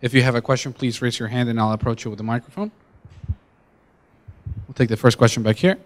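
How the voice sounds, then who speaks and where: Brisk man moderating a campus talk. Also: medium pitch, little pitch movement. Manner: brisk, formal announcements. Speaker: event moderator. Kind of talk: announcing a question session.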